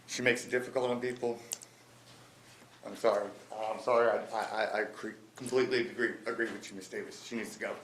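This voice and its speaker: A man's voice: medium pitch, fairly bright tone, slight background noise. Blunt man speaking in an echoey chamber. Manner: blunt, halting, repeats words. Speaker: citizen giving public comment. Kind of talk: public comment at a city meeting.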